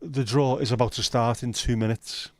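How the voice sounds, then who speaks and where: This livestream host speaks at a medium pitch with a steady tone and moderate pace, captured in a dry recording. He chats casually with his viewers, and his banter is packed with swearing.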